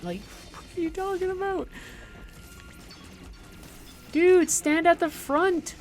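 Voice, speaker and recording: A woman's voice: very high voice, very animated, a little slow, long pauses, darkish tone, faint music behind. A woman in her thirties chatting casually on a gaming livestream, ranting sarcastically and swearing, with frequent restarts. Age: 30s. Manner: rambling, profane, sarcastic rants with restarts. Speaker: streamer.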